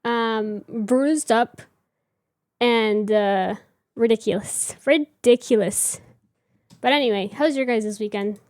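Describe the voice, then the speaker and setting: A woman in her thirties with a high voice chats casually with her viewers. She is giggly and talkative. The sound is dry and close, with no room echo. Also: takes it slowly, darkish tone. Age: 30s. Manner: chatty, giggly, reads chat aloud. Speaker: livestream host. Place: home room with reading chair.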